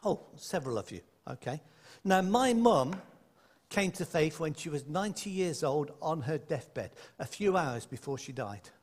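A preacher delivers a sermon at normal speed in a high, animated voice that constantly rises and falls. He speaks conversationally to his congregation, slipping in playful asides, while a long reverb rings through the large, echoey hall.

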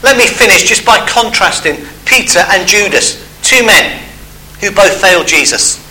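A man's voice: high-pitched, animated, moderate pace, sharp tone, rough recording. A man preaching a sermon, telling a Bible story and acting out the characters' voices.

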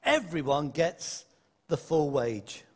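A man preaching a sermon to a congregation, lively and conversational, with playful asides. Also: on the high side, slow pace, breathy edge. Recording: echoey hall.

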